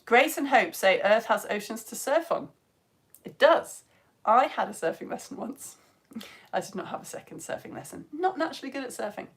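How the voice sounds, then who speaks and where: Gushing, lively British woman teacher. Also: a little high. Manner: chatty, gushing, quick asides and self-mocking jokes. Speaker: online science teacher. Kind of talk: live-streamed lesson, greeting viewers.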